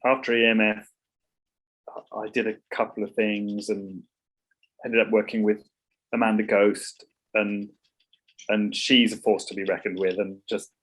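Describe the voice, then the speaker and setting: Middle-aged man, husky, rambling and restarting, casual guest talk. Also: on the low side, little pitch movement, measured pace, long pauses, fairly bright tone, low-quality recording. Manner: rambling, many restarts and repeats. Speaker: songwriter guest. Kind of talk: casual interview chat.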